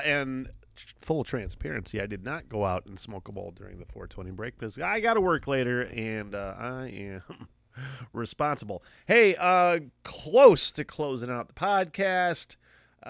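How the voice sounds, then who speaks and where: A man's voice: mid-range voice, creaky, a bit bright, dry recording, clean studio sound. A man hosting a casual solo podcast, ranting, swearing and laughing as he talks. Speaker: podcast host.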